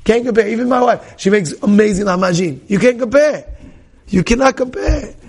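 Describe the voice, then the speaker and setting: A man teaching as a rabbi in a lively Torah class, repeating his points and acting out the people in his stories. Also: high-pitched, a little fast. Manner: animated, repeats phrases, acts out quoted people.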